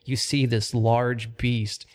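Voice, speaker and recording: A man narrating a tabletop role-playing game as game master, describing scenes in a calm, even way with fillers. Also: medium pitch, takes it slowly.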